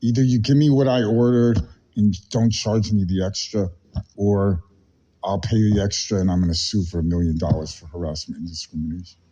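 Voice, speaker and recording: A man on a confrontational phone call with a company, agitated and rambling, putting on a mock-calm tone. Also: low voice, a little fast.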